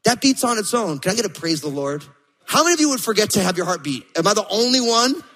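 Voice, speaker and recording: A man in his thirties preaching a sermon as pastor, animated, acting out quotes and stories. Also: sits high, quick pace, in a large hall, low-quality recording. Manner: animated storytelling, acts out quotes.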